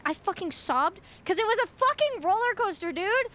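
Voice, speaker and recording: A young woman streamer telling an animated story in casual chat, swearing freely. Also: very high-pitched, a little fast, hardly any pauses, slight background noise. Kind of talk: casual chat while gaming.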